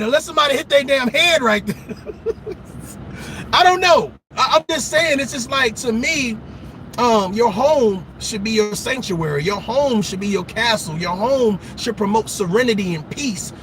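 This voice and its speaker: A very high-pitched man with a bright, sharp voice tells stories in a casual monologue. His voice swings up and down as he talks, and he swears and laughs along the way. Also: a little hiss or hum, poor audio. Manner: animated, profane, laughs at his own stories. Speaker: commentator giving dating advice.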